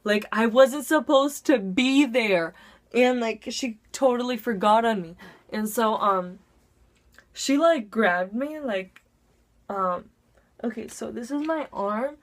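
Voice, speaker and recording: A woman's voice: a little high, lively intonation, slow pace. A teenage girl vlogger telling a school story in a breathless, chatty way, with lots of "like" and sudden dramatic jumps in her voice. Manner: dramatic voice swings into acted quotes. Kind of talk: storytime vlog.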